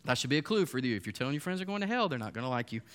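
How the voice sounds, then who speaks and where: Animated man preaching a sermon. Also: medium pitch, very fast, clean tone. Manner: storytelling, animated, acts out quoted voices. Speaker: pastor.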